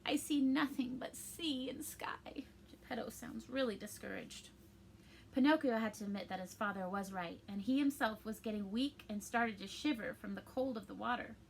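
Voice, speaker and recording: A woman's voice: medium pitch, brisk, gravelly, a little hiss or hum. A young woman reading a storybook aloud to children, adding chatty explanations for young listeners.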